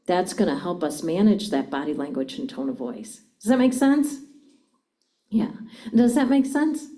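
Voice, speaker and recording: A woman's voice: on the low side, big pitch swings, normal speed, warm tone. A middle-aged woman giving a live seminar talk on communication, engaging the audience with frequent questions. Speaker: communication speaker.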